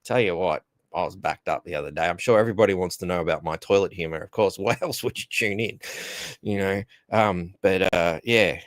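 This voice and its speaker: A rambling Australian man hosting a casual solo podcast, with a fairly low voice recorded close and dry. He trips over his words, repeats himself and chuckles at his own jokes as he goes. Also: fairly quick, dry recording. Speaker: podcast host.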